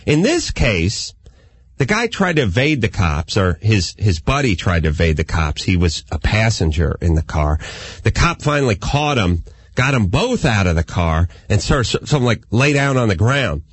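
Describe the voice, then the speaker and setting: A man hosting a casual comedic talk show, ranting animatedly and mimicking people in high yelping voices from a studio. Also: very animated, moderate pace, slightly rough.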